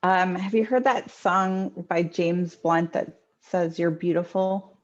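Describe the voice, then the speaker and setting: A woman's voice: on the low side, takes it slowly, dull audio. A woman medium giving live readings from home over a video call, chatty and hesitant with many ums. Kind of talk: live online intuitive readings. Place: home near a kitchen.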